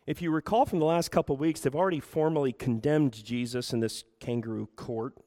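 A man's voice: mid-range voice, brisk, mellow. A man preaching a sermon as pastor, asking the room rhetorical questions and acting out quoted voices. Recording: reverberant hall.

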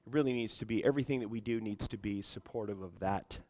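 A middle-aged male pastor preaching a sermon, clearing his throat often from allergies. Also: on the low side, fast talker, in a large hall. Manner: prays softly, then preaches louder with frequent throat clearing. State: congested from allergies.

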